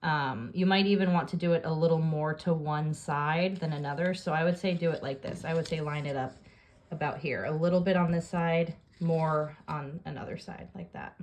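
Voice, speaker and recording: A woman calmly explaining a paper craft step by step as she works through it. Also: deep voice, normal speed. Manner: calm step-by-step instructions while working. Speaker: craft tutorial host. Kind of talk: hands-on craft tutorial.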